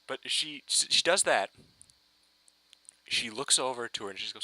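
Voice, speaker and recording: A man ranting excitedly in a casual fan review, rambling and swearing with many restarts. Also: medium pitch, moderate pace, pauses often, no echo, rough recording.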